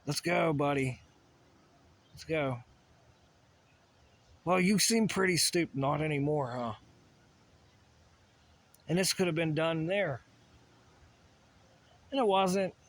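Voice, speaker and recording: A man's voice: a little high, slow pace, long pauses, fairly bright tone. A man ranting in a rambling solo monologue, profane and agitated, full of asides and restarts. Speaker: vlogger.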